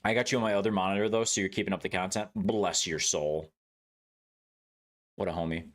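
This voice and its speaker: A man's voice: low voice, steady tone, fairly quick. Laid-back, joking male game streamer. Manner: joking and laid-back, swears freely, laughs often. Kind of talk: casual live-stream chat with viewers.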